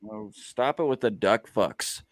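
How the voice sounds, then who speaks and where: A man's voice: on the low side, lively intonation, a little slow. A man hosting a podcast, recapping an episode in a casual, sarcastic, profane rant. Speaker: podcast host.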